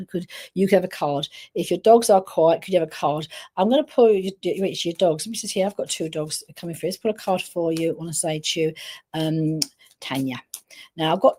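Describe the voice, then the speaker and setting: A woman giving a live psychic reading, chatty and warm in her wording, full of restarts and "all right?" check-ins. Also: fairly low pitch. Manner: chatty, repeats "all right?" and "I wanna say to you"; frequent restarts and stammered repeats. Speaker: psychic medium.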